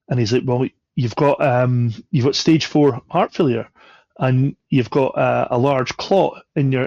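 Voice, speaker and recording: Gravelly man telling a story. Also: medium pitch, no room sound, highs cut off. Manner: animated, acts out quoted voices. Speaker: podcast guest. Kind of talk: casual storytelling.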